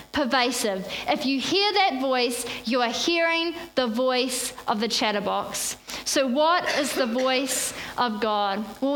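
A woman's voice: high-pitched, fairly bright tone. A woman preaching a sermon at a church service, drawing the congregation into call-and-response. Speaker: pastor.

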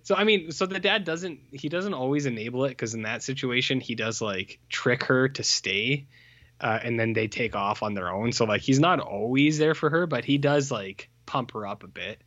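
A man's voice: mid-range voice, normal speed, fairly bright tone, dry recording. Man, podcast co-host, rambling profane recap, dry close lo-fi sound. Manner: rambling, filler-heavy, blunt and profane. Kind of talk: casual film recap chat.

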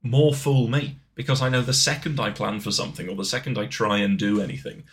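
A man co-hosting a casual podcast, trading jokes with his co-host. His voice sits at an ordinary middle pitch. He talks playfully, drifting into silly voices and mock-dramatic bits. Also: fairly quick. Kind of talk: casual banter.

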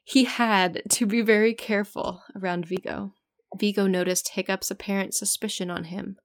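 A woman's voice: mid-range voice, fairly even intonation, normal speed, gravelly, few pauses. Woman, casual read-aloud narrator, giggly, jokes between lines. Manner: giggly, breaks off to joke about the text. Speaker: fan fiction reader. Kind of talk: casual reading of a story aloud with commentary.

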